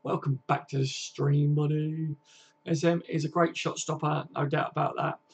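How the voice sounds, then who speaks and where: A man hosts a casual football fan live stream, reading viewer comments and chatting in a slangy, friendly way, calling everyone mate and lads. His voice is fairly high and level at normal speed, with slight background noise.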